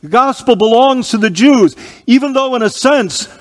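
A man preaching a sermon in a church, reading scripture aloud with slow emphatic stresses and clearing his throat from allergies. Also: very high voice, in a large hall.

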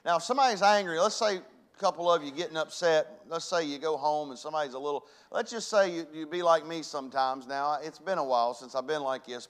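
Man preaching, high-pitched voice, folksy, swings from hushed to loud. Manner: folksy preaching, big swings from soft to shouting. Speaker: pastor. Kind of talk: sermon.

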